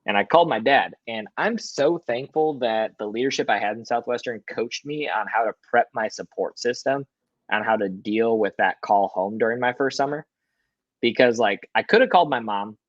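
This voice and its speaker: A young man, a podcast guest, telling a personal story in a lively, swearing way and acting out quotes, in a hotel room. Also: mid-range voice, normal speed, no room sound, muffled recording. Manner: animated, swears, acts out quotes. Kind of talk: casual storytelling.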